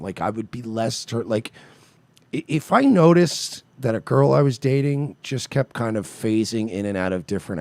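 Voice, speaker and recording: A man's voice: mid-range voice, no echo. A man co-hosting a comedy podcast, incredulous and rambling in casual commentary. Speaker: podcast co-host.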